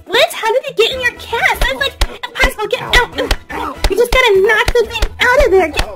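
A woman voicing a bubbly, self-absorbed young woman doll in a toy play video, excited and bossy. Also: very high-pitched, moderate pace, over loud music, voice pushed up.

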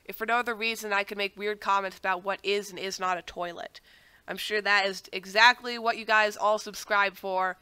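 Chatty young woman with a cold, crisp bright voice. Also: mid-range voice, dry recording. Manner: rambling, self-mocking, easily sidetracked. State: has a cold. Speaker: gaming channel host. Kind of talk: casual gameplay commentary.

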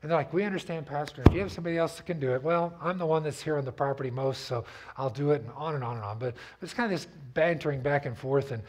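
A man's voice: on the high side, fast talker, a little hiss or hum. A man preaching a sermon as pastor, telling stories in a conversational way and asking the congregation to repeat after him. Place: church sanctuary.

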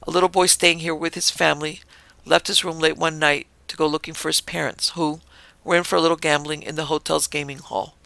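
A man's voice: a little high, level tone, brisk, gravelly, pushed and bright, no room sound. A man reading the quoted words of a longtime female hotel desk clerk who recounts ghost stories in a matter-of-fact way. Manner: matter-of-fact, anecdotal telling.

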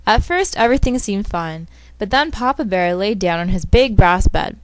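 A woman reading a fairy tale aloud and breaking in with math explanations, steady, with livelier story beats. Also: mid-range voice, moderate pace, no room sound.

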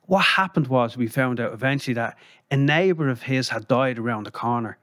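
An Irish man recounting anecdotes in a casual podcast chat, his voice sitting at an ordinary middle pitch. He rambles from one story to the next, lifting into animated quoted voices along the way. The recording is close and dry. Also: fairly quick, no room sound. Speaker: guest.

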